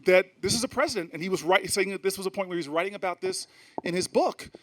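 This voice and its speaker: Middle-aged male politician, slightly high-pitched, emphatic and rhetorical speaker with stumbling restarts, addressing a live audience. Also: quick pace. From New Jersey. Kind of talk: animated speech with storytelling. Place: event stage before a live audience.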